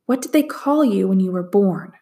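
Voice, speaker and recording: A woman's voice: mid-range voice, expressive, normal speed, dark tone, close to an everyday voice. A woman voicing a kind, curious young village girl who speaks earnestly in a storybook reading.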